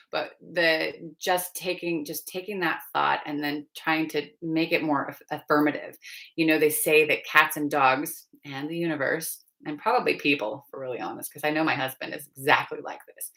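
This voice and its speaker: A woman hosting a live coaching stream in a low, gravelly voice. She talks in a chatty, meandering way, with plenty of fillers and soft laughs. Her tone is casual and conversational. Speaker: fertility and pregnancy coach.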